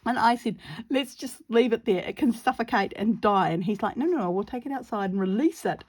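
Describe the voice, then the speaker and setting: A woman's voice: a little high, animated, fairly quick, a little mellow. A woman telling a funny story casually while she crafts, laughing often and acting out her own panicked squeals. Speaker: crafting vlogger.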